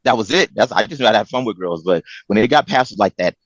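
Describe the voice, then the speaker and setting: A man's voice: fairly low pitch, fast talker, no room sound, muffled recording. A man in his forties, a podcast host, chatting casually and acting out quoted lines as he tells stories. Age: 40s. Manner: animated storyteller acting out quotes. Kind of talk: casual chat.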